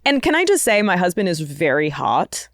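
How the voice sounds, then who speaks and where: A woman's voice: on the low side, sing-song, moderate pace, no room sound, studio quality. A woman, a comedian guest, telling a self-mocking story in casual podcast chat, laughing often.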